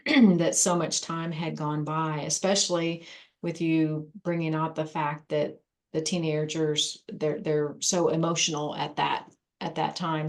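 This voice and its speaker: A woman co-presenting a workshop, talking in a measured, thoughtful way and pausing to find her words. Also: deep voice. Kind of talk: conversational discussion.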